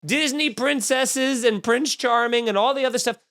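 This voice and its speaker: A man's voice: very high-pitched, moderate pace, a bit bright, clear, resonant tone. A man hosting a comedy podcast, riffing in a snarky, profane monologue full of mock outrage. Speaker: podcast host.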